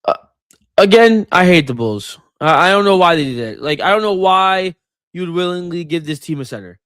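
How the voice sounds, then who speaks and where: Casual sports co-host, male, higher-pitched and animated, exasperated, dry recording. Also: brisk, smooth, no echo.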